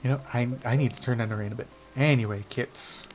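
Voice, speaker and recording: A man streaming a story game live, chatting and reacting out loud as he reads. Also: medium pitch, steady tone, fast, soft background music.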